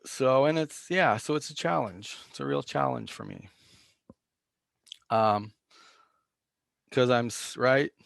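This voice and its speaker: A Zen teacher gives a reflective, self-deprecating dharma talk in a medium-pitched voice with vocal fry. He halts, uses fillers, restarts, and coughs now and then, and the clean studio recording has no room sound.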